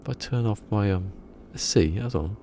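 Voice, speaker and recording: Deep, gravelly man rambling on stream. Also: moderate pace, dark tone, a little hiss or hum. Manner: rambling, chatty, laughs at his own jokes. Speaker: game streamer. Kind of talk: casual live-stream chat.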